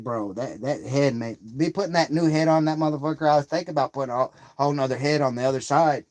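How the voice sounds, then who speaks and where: A man's voice: mid-range voice, a little hiss or hum. A man telling a rambling, profanity-heavy story on a live stream, getting heated as he retells a grievance. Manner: profane, rambling, swears constantly.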